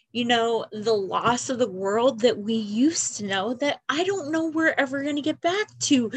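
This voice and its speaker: A woman in her forties hosting a podcast, talking through tears in a halting, earnest personal monologue. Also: a little high, husky. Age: 40s. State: crying. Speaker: podcast host.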